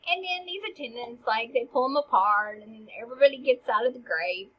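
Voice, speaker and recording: A woman's voice: fairly high pitch, brisk, breathy edge. A woman giving a chatty, slangy summary of a play's scene, on a dull lo-fi recording. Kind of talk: casual play summary.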